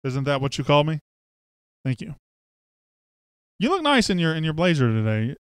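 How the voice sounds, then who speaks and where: Male podcast host, smooth and clear, bit high, joking and chatty. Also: huge pitch swings, normal speed, no room sound. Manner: joking, chatty, reads comments aloud. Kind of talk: casual sports podcast chat, reading listener comments.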